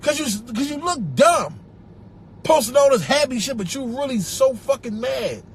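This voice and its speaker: A young man with a Philadelphia accent ranting on a live stream, profane and animated, repeating himself and breaking into laughter. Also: extremely high pitch, moderate pace, slight background noise. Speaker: social media personality. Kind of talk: rambling live-stream rant. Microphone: phone.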